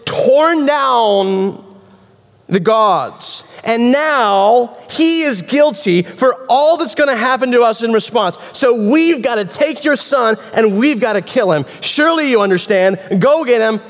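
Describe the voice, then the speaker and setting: A man's voice: very high-pitched, animated, measured pace, voice pushed up, exaggerated voice. A man doing pushy angry ancient townsmen. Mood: demanding. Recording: reverberant hall.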